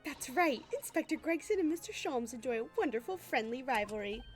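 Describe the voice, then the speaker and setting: A woman's voice: animated, brisk, soft background music. A woman doing a polite, eager young assistant. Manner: high, bright and courteous. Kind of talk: reading game dialogue aloud on stream.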